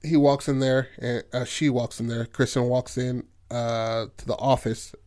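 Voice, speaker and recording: A man's voice: medium pitch, level tone, unhurried, a little mellow. A man casually retelling a movie's plot as a podcast host, in a loose, profane way full of filler phrases. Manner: loose and profane, full of "like" and "you know what I mean".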